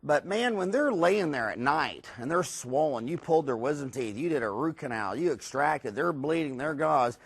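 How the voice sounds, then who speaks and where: Higher-voiced man lecturing dentists. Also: normal speed, few pauses, husky. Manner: rambling, animated storytelling with many fillers. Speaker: dentist teaching a course. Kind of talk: recorded lecture.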